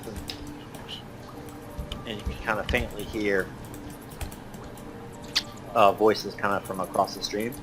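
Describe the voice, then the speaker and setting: Slow, hesitant game master man. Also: fairly low pitch, steady tone, a bit bright, soft background music. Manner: hesitant, filler-heavy, lots of "kinda". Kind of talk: narrating a tabletop game.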